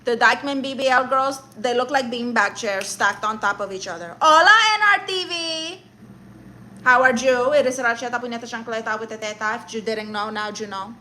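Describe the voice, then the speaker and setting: A woman's voice: fairly high pitch, fairly even intonation, brisk, hardly any pauses, pushed and bright, slight background noise. A woman live streaming comedy who rants and roasts her viewers in a brash, sassy, mock-insulting way, with Spanish exclamations thrown in.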